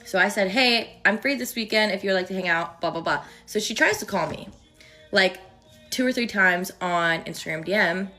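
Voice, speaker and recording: A young woman with a slight lisp from her aligners, chatting through a storytime with quick asides. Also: mid-range voice, sharp tone, faint music behind. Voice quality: lispy from wearing aligners. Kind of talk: casual storytime.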